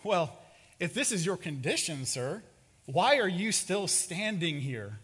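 A preacher playing a kindly, cheerful guide. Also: male voice, high-pitched, sing-song, a little slow, a bit bright, slightly rough, full character voice. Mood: probing. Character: cheerful, kindly male guide, calm and direct. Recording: reverberant hall.

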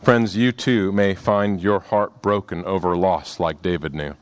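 A man with a deep voice and clean tone preaches on a scripture passage. Earnest and expressive, he rises for emphasis and falls back to quiet, slow phrasing.

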